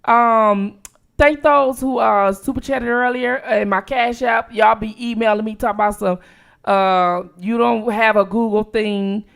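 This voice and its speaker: A woman from Detroit hosting a late-night livestream, chatting casually with viewers and reacting quickly to each comment. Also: fairly high pitch, gravelly. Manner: animated, reads out viewer locations with quick reactions. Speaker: livestream host.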